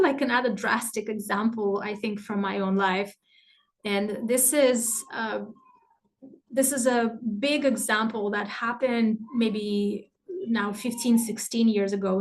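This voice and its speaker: A middle-aged woman teaching a live online workshop, animated and laughing often as she acts out inner thoughts. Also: medium pitch. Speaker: masterclass teacher.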